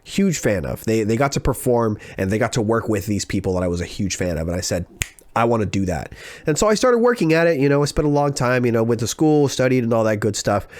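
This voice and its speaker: A young man from California, hosting a podcast and telling a personal story in a casual, animated way, repeating phrases for emphasis. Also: medium pitch, fast, no room sound. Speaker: podcast host.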